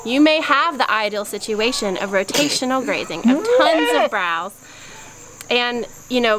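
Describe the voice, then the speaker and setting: A fairly high-voiced woman explains farm chores in a practical, step-by-step way. She records outdoors among her animals. Insects and farm sounds hum clearly behind her. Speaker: homesteading vlogger. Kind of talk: casual how-to explanation.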